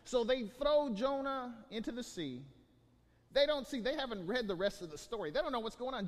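Male pastor, high voice, animated preaching, stumbling restarts, long hall reverb. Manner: animated storytelling with many restarts. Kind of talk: sermon.

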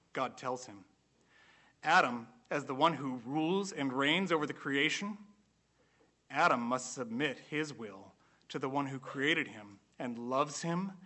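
Bright-voiced man preaching a sermon. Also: mid-range voice. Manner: earnest, emphatic, slows down for emphasis.

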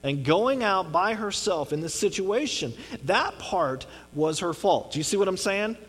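Man, pastor, earnest conversational sermon, fairly high voice. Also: lively intonation, unhurried, fairly bright tone, slightly rough. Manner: earnest, checks in with listeners often. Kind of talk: conversational Bible teaching.

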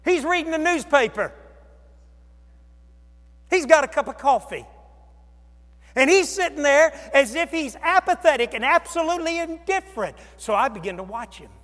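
A male pastor preaching a sermon, with dramatic swings from loud exclamations to hushed near-whispers. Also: very high-pitched, lively intonation, moderate pace, long pauses. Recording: long reverb of a large hall.

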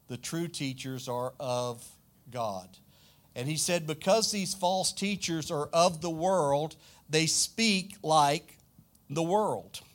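Male preacher, South Louisiana accent, slightly high voice, deliberate unhurried sermon delivery. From South Louisiana, United States. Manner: slow, emphatic preaching with questions to the congregation. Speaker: pastor.

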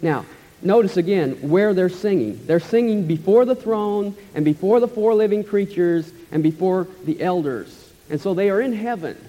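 A man preaching an expository sermon as pastor, emphatic and enthusiastic, repeating key phrases and letting phrase ends trail off softly. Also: sits high, animated, moderate pace. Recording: long hall reverb, dull lo-fi sound.

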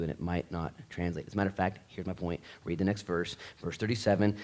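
A middle-aged pastor delivers an animated church sermon, acting out dialogue and alternating between loud outbursts and quiet asides. His voice is deep, and he talks fast with barely a pause.

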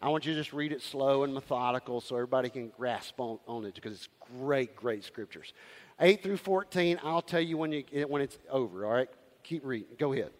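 A man preaching a sermon as pastor, calling out to the congregation and swinging from loud to hushed. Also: medium pitch, a little fast, in a large hall.

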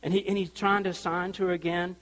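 A male pastor preaching a sermon, telling the story in an animated way and acting out the people in it. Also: high-pitched, brisk, long reverb tail.

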